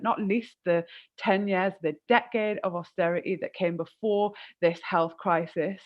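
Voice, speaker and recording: A woman hosting a fundraiser, making an earnest, rallying appeal. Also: medium pitch. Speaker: fundraiser host. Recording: dull lo-fi stream audio.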